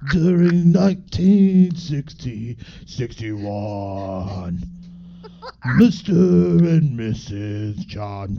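A man putting on a gravelly, growling singer's voice drags through a passage of book reading at a crawl. The tone is dark and rough. The recording sounds dull and lo-fi. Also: mid-range voice, heavily acted.

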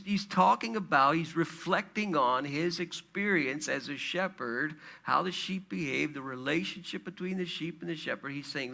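Male pastor, slow unhurried sermon delivery, bright gravelly tone, conversational and asking questions. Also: fairly high pitch. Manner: conversational preaching with fillers and rhetorical questions.

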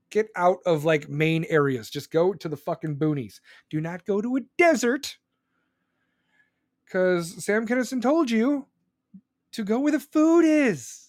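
Male podcast host, high voice, rambling profane rant, dry close mic. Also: no room sound. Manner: loud, profane and rambling, with sudden pitch jumps. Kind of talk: live podcast venting monologue. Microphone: close studio microphone.

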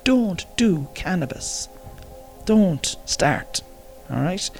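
A man's voice: high voice, animated, extremely slow, creaky, soft background music. An Irish man ranting in a casual monologue, swearing freely and rambling with jokes. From Ireland. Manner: profane, rambling, joking. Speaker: vlogger.

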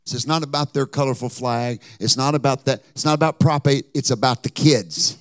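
A man's voice: mid-range voice, a little fast, no room sound. Fervent preacher man, dry close sound. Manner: fervent, rising to shouted sing-song preaching. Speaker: pastor. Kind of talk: sermon. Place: church sanctuary.

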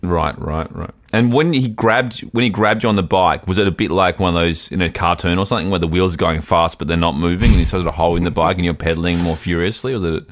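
A man's voice: low-pitched, fast, hardly any pauses, no room sound. A man co-hosting a casual chat, asking dry, teasing questions. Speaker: podcast co-host.

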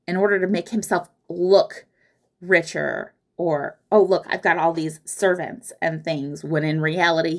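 Chatty woman telling history casually. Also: lowish voice. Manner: chatty, acts out quotes in mock voices. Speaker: history podcast host.

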